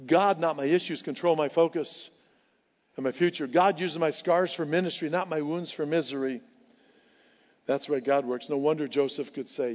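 A pastor preaching a sermon with passion, repeating key lines for emphasis. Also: male voice, a little high, moderate pace, darkish tone. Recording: dull sound with long hall reverb.

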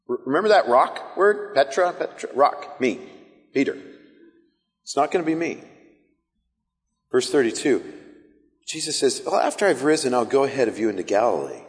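A young man preaching a sermon as pastor, animated and casual, acting out the disciples' voices as he tells the story. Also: mid-range voice, in a large hall.

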